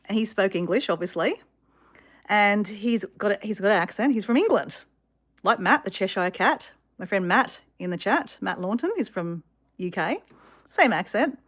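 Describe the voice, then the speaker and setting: A woman telling a story to her viewers in a chatty, animated way with many fillers. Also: medium pitch, moderate pace, pauses often. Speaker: vlogger.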